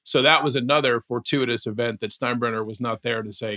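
A man co-hosting a casual sports podcast, telling stories in an animated way and laughing often. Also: mid-range voice, fast talker. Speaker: podcast co-host.

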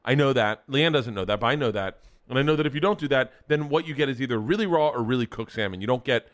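An average-pitched middle-aged man on a podcast spins loose, meandering stories as a guest. He swears freely and talks in an unpolished, conversational way. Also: fast talker. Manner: rambling, profane storyteller. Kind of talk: casual chat.

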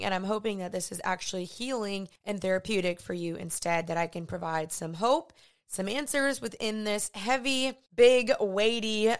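A woman's voice: mid-range voice, fairly bright tone, clear, resonant tone. A woman, hosting a podcast in a chatty, earnest way. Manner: chatty, earnest, uses y'all and like. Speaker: podcast host. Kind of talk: casual podcast talk.

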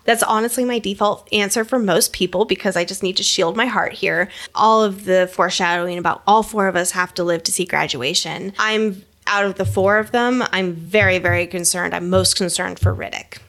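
A woman's voice: mid-range voice, a little fast, few pauses, a bit bright. A woman co-hosting a podcast, talking through a book in a casual, thoughtful and analytical way. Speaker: podcast co-host.

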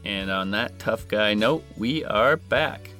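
A man's voice: lowish voice, lively intonation, slow pace, over loud music. A man hosting a podcast, reading a scripted story with crude, sarcastic jokes. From Canada. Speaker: podcast host.

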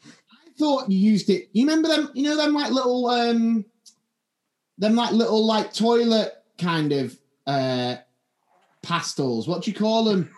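Lively man telling anecdotes. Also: high-pitched, a little slow. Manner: rambling anecdotes with lots of restarts and laughter. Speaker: podcast co-host. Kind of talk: casual chat. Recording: roomy echo.

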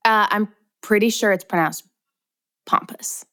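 Playful young woman, drawn-out emphasis. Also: mid-range voice, expressive, fairly bright tone. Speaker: podcast co-host. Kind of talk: casual chat.

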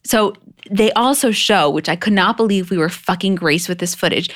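A woman co-hosting a chatty podcast, gushing and emphatic in her delivery and swearing freely. Her voice stays at an ordinary middle pitch. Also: normal speed, fairly bright tone. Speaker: podcast co-host. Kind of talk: casual chat.

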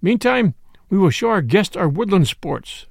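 A man's voice: high voice, very animated, normal speed, gravelly, no echo, clean studio sound, heavily acted. A man voicing a jolly outlaw leader who teases with mock gravity, in an audiobook reading. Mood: mock-grave. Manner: teasing and mock-grave.

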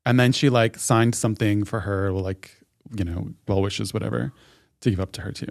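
A man's voice: on the low side, fairly even intonation, normal speed, vocal fry, no echo. Chatty man telling a story, dry sound. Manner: chatty storyteller, heavy "like" fillers. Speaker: podcast co-host. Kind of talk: casual chat.

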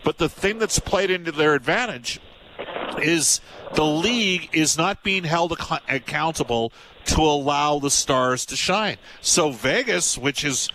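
Bright, animated man on sports radio. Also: fairly high pitch, a little slow, a little hiss or hum, low-quality recording. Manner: animated, rambling, drops into mock voices. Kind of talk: heated hockey talk.

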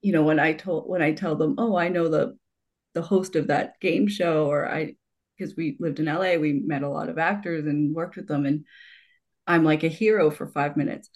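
A woman's voice: deep voice, fairly even intonation, moderate pace, a little mellow. A woman in her forties in casual conversation, talking in long rambling stretches with restarts and laughter. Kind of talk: conversational podcast talk.

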